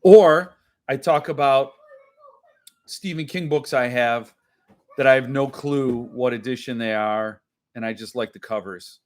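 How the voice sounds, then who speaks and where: A man's voice: mid-range voice, a little slow, darkish tone. A man hosting a casual live-stream chat with viewers, rambling and self-mocking, laughing often. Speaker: host.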